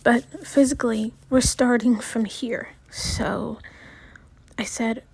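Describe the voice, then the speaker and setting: A woman talking in a personal video diary with a small, soft voice that often drops near a whisper, halting and restarting as she speaks. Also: on the high side, fairly even intonation, vocal fry, slightly rough, dry recording. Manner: halting, with many pauses and restarts. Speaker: vlogger.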